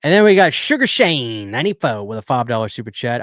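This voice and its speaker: A man's voice: medium pitch, very animated, quick pace, a bit bright, no room sound, clean studio sound. A man hosting a casual live stream, earnestly chatting and reading viewer messages aloud. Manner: earnest, talkative, reads chat aloud.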